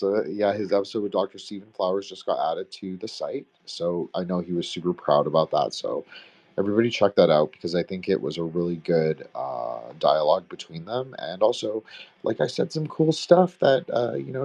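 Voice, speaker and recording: A man's voice: low-pitched, vocal fry, darkish tone. A young man from Canada, co-hosting a podcast roundtable in a rambling, profane, filler-heavy casual chat. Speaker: podcast co-host.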